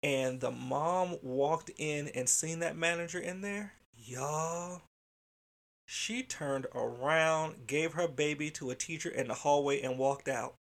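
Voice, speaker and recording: A man with a slightly higher voice and a gravelly rasp tells an animated story from his work as a childcare director. He talks candidly and swears freely, like a casual chat with viewers. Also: takes it slowly.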